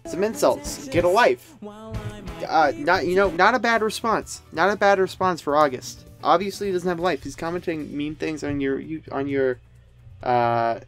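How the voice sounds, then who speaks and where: A man's voice: on the high side, moderate pace, a bit bright, soft background music. A man giving sarcastic video commentary, rambling with frequent restarts and asides. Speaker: commentary youtuber.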